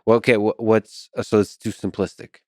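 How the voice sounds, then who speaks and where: Deep-voiced male podcast host, dry. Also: little pitch movement, fairly quick, a little mellow, dry recording. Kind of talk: casual conversation.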